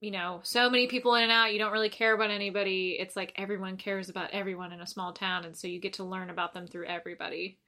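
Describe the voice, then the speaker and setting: A young woman co-hosting a casual podcast, laughing often and retelling scenes with animated, swearing energy. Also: medium pitch, quick pace, few pauses. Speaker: podcast co-host. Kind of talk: casual chat.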